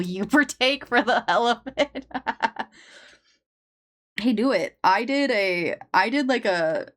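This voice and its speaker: Slow-talking woman streamer, casual. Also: medium pitch. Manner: chatty, laughs often, swears casually. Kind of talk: casual chat while drawing on stream.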